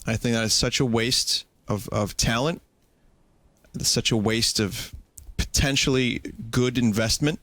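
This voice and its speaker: A man's voice: mid-range voice, a little slow, a bit bright, no room sound. A man hosting a podcast, talking in a dry, ironic, mock-serious way. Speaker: streamer and podcast host. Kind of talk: sarcastic comedic chat.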